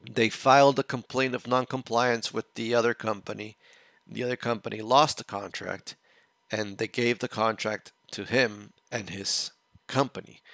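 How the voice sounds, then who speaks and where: Gravelly low-voiced man telling a story. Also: a bit bright, dry recording. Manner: rambling, restarts phrases as he explains. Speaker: watch-along reaction host. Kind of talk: casual storytelling chat.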